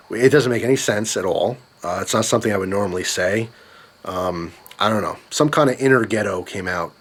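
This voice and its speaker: A young man telling a story in a vlog, swearing often and ranting with anger. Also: medium pitch. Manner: profane, ranting. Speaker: vlogger.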